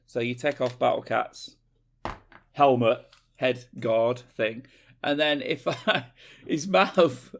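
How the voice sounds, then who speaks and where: Chatty gravelly man. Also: medium pitch. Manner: chatty, excitable, jokey asides. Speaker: podcast co-host. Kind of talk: casual chat.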